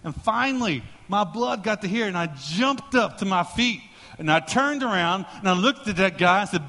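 Male pastor, sermon, high bright voice, storytelling, joking, long hall reverb. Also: brisk. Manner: storytelling, joking, animated preaching.

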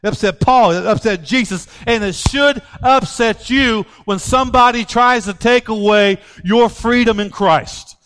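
Animated high-voiced male preacher. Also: unhurried, hardly any pauses, a little hiss or hum. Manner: animated preaching, swinging from loud outbursts to low quiet asides. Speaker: pastor. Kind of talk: sermon.

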